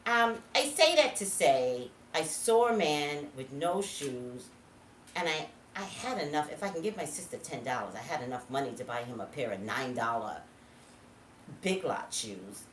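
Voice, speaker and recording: Woman vlogger, lowish voice, lively storytelling, a bit far from the mic in a roomy space. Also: moderate pace, a little hiss or hum. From California. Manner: animated, swings from low asides to loud exclaims. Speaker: psychic vlogger. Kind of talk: casual storytelling monologue. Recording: echoey room, voice from off-mic.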